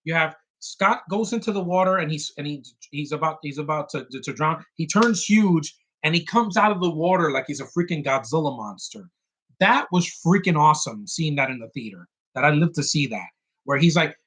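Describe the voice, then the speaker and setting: A man hosting a casual solo film podcast, rambling excitedly with many restarts and quick bits of mimicry. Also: on the high side, slightly rough. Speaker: podcast host reviewing a film.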